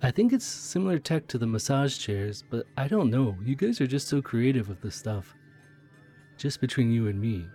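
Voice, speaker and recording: A friendly, chatty train conductor, played by a man in an audio role-play, who sounds curious and is quick to get excited. His voice is at a middle pitch. Soft music plays faintly behind him. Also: lightly acted.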